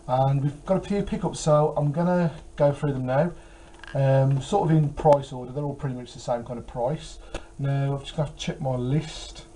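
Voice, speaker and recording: A tired retro game collector vlogger chats casually about his collection, rambling with many fillers. His voice is medium-pitched and dark-toned, with fairly even intonation and normal speed, on a rough recording with slight background noise.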